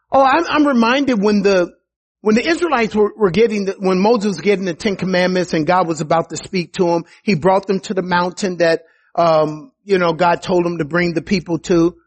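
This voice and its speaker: A man preaching a sermon in a conversational way, with asides to his listeners and a voice that climbs high for emphasis. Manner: animated, rises high for emphasis and quoted voices; conversational, with restarts and asides to the congregation.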